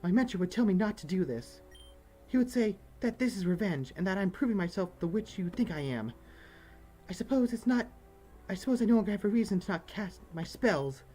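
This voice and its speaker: A woman streamer voicing a wounded young witch in a dating game, speaking slowly and gravely. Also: mid-range voice, animated, warm tone, faint music behind. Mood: bitter, solemn.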